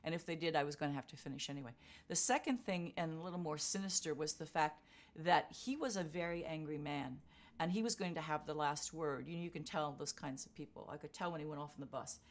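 A woman's voice: sits low, quick pace. Older woman telling a vivid story. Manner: vivid storyteller acting out quotes. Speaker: interviewee, marathon runner. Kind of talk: storytelling interview.

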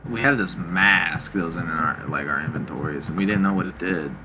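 A man's voice: low voice, brisk, noisy background. A man giving casual gameplay commentary, rambling and swearing as he tells loose stories while he plays. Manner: rambling, profane, laid-back storytelling. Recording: voice over loud game music.

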